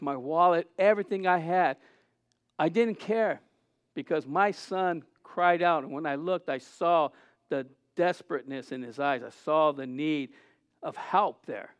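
A middle-aged man preaching a sermon as pastor, earnest with halting restarts, rising to loud cries. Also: sits high, clean tone, no room sound.

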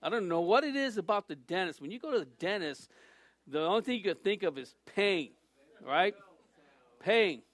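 High-voiced pastor telling a story. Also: male voice, moderate pace, no echo. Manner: rambling, animated storytelling with many restarts. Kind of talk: sermon with a personal story and prayer. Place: church.

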